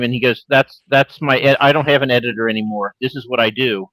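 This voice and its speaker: A talkative man spinning anecdotes and tips in a casual panel chat, at a middle pitch. His voice comes across very dry and close, with no room sound at all. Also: steady tone, fast, few pauses, fairly bright tone, no echo, rough recording. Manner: chatty storyteller, gives advice. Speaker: indie author on a panel.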